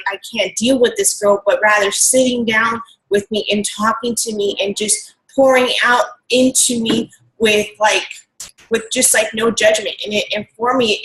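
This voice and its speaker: A woman's voice: fairly high pitch, gravelly, fairly bright tone, a little hiss or hum, low-quality recording. Earnest woman co-host reflecting. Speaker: show co-host. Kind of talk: casual reflective chat.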